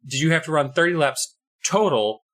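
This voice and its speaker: A man's voice: on the high side, expressive, moderate pace, fairly bright tone. A man co-hosting a podcast, chatting casually and asking follow-up questions. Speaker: podcast co-host. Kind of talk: casual chat.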